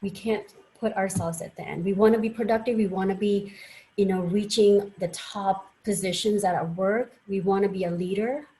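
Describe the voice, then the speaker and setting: A woman's voice: medium pitch, fairly even intonation, moderate pace, warm tone, rough recording. A woman doctor giving a conference presentation, telling personal stories in an earnest way with frequent fillers. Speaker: doctor and guest speaker.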